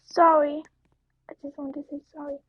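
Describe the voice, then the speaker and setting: A woman chatting casually over her gameplay, rambling, slipping into whispers and breaking into sudden excited outbursts. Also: high-pitched, moderate pace. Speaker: gameplay streamer. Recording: dull lo-fi dry recording.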